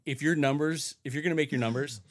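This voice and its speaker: A man's voice: fairly high pitch, quick pace. A man working in technical sales support, a podcast guest trading teasing banter in a casual chat.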